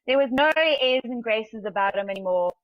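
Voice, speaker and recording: A woman's voice: a little high, animated, moderate pace, dry recording, dull audio. A woman co-hosting a sports talk show, making her case in a matter-of-fact, confident way. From South Africa.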